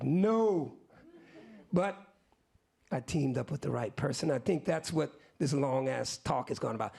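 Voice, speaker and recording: Gravelly-voiced man telling a lively story. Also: fairly high pitch. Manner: animated, acts out other people's lines in quotes; casual slang-filled talk with asides to the audience. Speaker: musician guest. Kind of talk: live storytelling to an audience.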